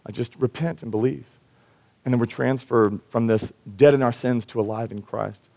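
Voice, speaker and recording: A man, a pastor, preaching a sermon in a casual, animated way and acting out Bible figures in everyday voices. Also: mid-range voice, normal speed, vocal fry.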